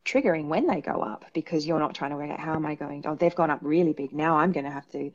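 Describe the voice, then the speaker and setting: A woman's voice: low-pitched, fast, muffled recording. A woman, a psychologist guest, talking frankly and animatedly in a casual interview, often repeating words for emphasis.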